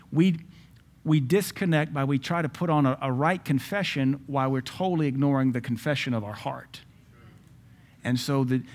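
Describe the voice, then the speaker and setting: A middle-aged man, a pastor preaching a sermon in a lively way, acting out quoted voices and adding joking asides. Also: mid-range voice. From Southern US.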